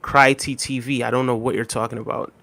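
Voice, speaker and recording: A young adult man streaming live, reading viewer chat with an easygoing manner, many ums and friendly shout-outs. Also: mid-range voice, little pitch movement, a little fast.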